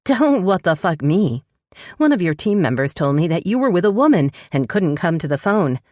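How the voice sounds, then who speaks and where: A woman narrator voicing a pregnant young woman who sounds shrill, jealous and accusing. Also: sing-song, normal speed, darkish tone, dry recording, studio quality. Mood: upset.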